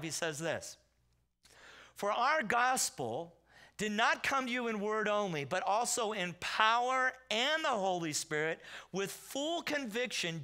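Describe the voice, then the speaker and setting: A man preaching a sermon in a Southern California accent. He tells stories in a loose, conversational way and acts out the quotes in loud bursts. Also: sits high. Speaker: pastor. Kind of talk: sermon with storytelling. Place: church sanctuary.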